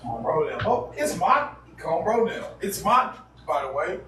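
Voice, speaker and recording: A man hosting a livestream, talking in a blunt, profane, animated rant. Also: high-pitched, unhurried, a little hiss or hum. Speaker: livestream host. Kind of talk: casual ranting livestream.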